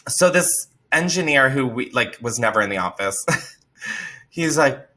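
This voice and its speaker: Animated, swearing male storyteller. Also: mid-range voice, measured pace. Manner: animated, swears a lot, jumps into loud shouting impressions. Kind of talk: casual storytelling chat.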